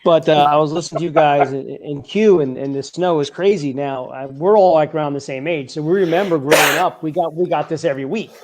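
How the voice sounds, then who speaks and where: A man's voice: on the high side, a little fast, few pauses, a little hiss or hum. A man in his forties who talks in a chatty, rambling way with many fillers and restarts, speaking as a guest over a remote call on a live stream. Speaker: event organizer guest. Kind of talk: casual chat on a live stream.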